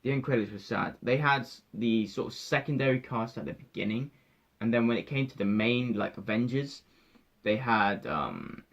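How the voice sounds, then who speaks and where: A young man, giving an emotional, halting spoiler review of a film that often repeats itself. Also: medium pitch, expressive, fairly bright tone. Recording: dull lo-fi sound.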